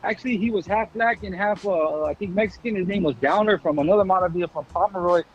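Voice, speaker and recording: A man in his forties telling stories fast in a casual interview, heavy on street slang and swearing. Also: sits high, breathy edge, dull audio. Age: 40s. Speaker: guest.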